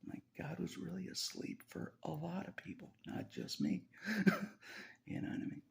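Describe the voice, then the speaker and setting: A YouTube channel host rambles through a confessional monologue on his own channel, often half-whispering, swearing casually and laughing between lines. His voice sits on the high side with fairly even intonation, a moderate pace and some vocal fry.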